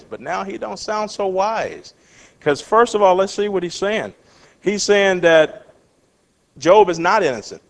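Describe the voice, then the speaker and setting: A man leads a Bible study in a fairly high voice. He reads verses aloud and acts out the words of the people in them. He keeps turning to his class with questions. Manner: animated, acts out quotes, asks the class questions.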